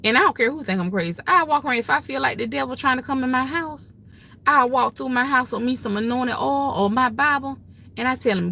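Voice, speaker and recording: Brisk and high-pitched, this older woman's voice sounds pushed and bright with vocal fry. A grandmother hosting a livestream, she gives casual advice that's emphatic, folksy, and preachy.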